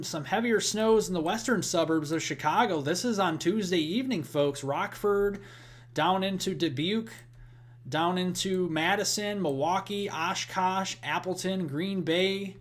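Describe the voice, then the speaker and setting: A young man with a Midwestern American accent hosts a live weather stream, speaking at a moderate pace in a high voice that sits a little above most men's. His flow is loose and chatty as he thanks viewers and donors and rattles off storm, snow and forecast details.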